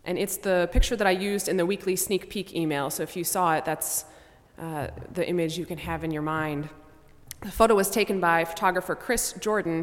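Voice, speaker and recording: A woman pastor preaching a measured sermon, her voice softening to a hush on sombre lines. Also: on the low side. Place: church sanctuary. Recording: long church reverb.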